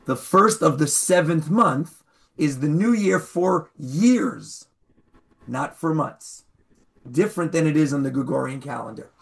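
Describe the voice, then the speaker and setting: A man teaching an online Torah class over a video call, explaining slowly and stressing key words. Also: a little high, expressive, vocal fry.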